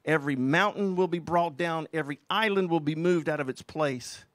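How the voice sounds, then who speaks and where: Fiery high-voiced male preacher. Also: normal speed, dry recording. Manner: fiery, emphatic preaching with Bible quotes. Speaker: pastor. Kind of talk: sermon.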